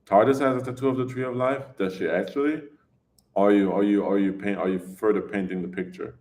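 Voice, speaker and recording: Low-voiced chatty male streamer. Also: fairly quick. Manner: rambling, talkative, oversharing, answers chat questions; excitable, laughs often. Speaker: livestreamer chatting with viewers. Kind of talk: casual live-stream chat.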